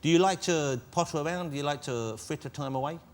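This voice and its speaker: A man's voice: a little high, fast talker. A man hosting a talk show, teasing his guest with playful banter in a studio. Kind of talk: joking chat show banter. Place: TV studio with live audience. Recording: studio audience laughter and noise.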